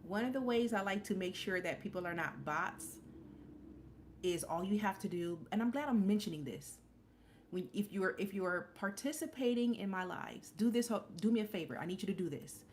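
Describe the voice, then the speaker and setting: A woman's voice: medium pitch, normal speed, slight background noise. A woman in her forties hosting a casual live stream, talking candidly and rambling with restarts and fillers. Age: 40s. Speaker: livestream host.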